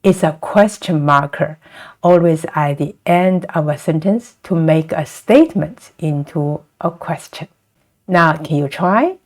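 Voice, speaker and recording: A woman's voice: low voice, measured pace. A woman with a Chinese accent, a native Chinese speaker teaching pronunciation patiently and drawing out each sound as she demonstrates it. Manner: models sounds by drawing out vowels and tones. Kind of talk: slow, patient pronunciation lesson.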